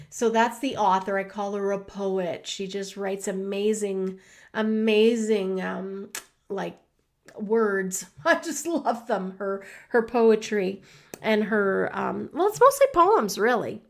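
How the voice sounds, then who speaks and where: A woman's voice: mid-range voice, slow pace. A woman hosting a livestream from her home studio, emotional and rambling, with many restarts. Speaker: host. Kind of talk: casual livestream talk.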